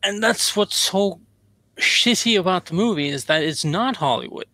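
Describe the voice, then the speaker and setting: A man's voice: high-pitched, expressive, moderate pace, bright, forceful tone, no room sound. A man hosting a casual book discussion, rambling and joking as he goes. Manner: rambling, jokey, mimics voices. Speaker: podcast host, author.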